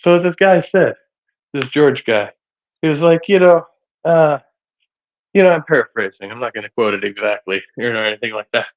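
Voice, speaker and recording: A man streams live, rambling casually with plenty of hesitant fillers while sounding a bit out of breath. His mid-range voice has lively intonation and runs a little fast, and the audio is tinny, like a phone.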